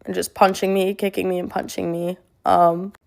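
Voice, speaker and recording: A young woman telling a personal story to camera in a flat monotone, halting and full of fillers. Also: on the low side, gravelly. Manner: halting, with many fillers and restarts. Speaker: social media creator.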